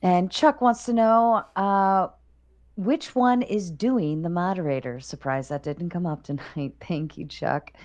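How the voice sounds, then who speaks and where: A woman with a fairly low voice moderating a live stream. She reads viewer messages aloud in a dry, wry way. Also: unhurried, darkish tone. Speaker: moderator reading super chats.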